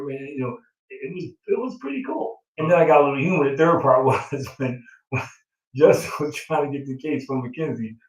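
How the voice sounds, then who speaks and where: Middle-aged man, proud father reminiscing, emotional and rambling, mid-pitched voice, roomy echo. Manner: reflective, emotional storytelling with many fillers. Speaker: father of the groom. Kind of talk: casual chat. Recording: roomy sound from a distant mic.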